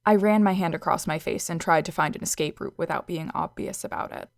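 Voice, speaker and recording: A young woman narrates a first-person audio story, dry and sarcastic in tone. Her mid-range voice has a gravelly edge, recorded close in a dead, dry room. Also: fairly low pitch, fairly quick, no room sound.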